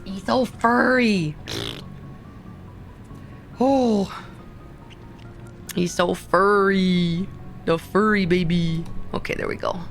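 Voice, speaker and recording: Slow, cooing woman streamer. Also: lowish voice. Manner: soft, drawn-out baby talk to her cat. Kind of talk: casual livestream chat.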